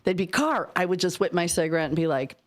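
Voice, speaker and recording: A middle-aged woman co-hosting a radio show, teasing and quick to laugh in casual banter. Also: on the low side, lively intonation. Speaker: radio co-host. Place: radio studio.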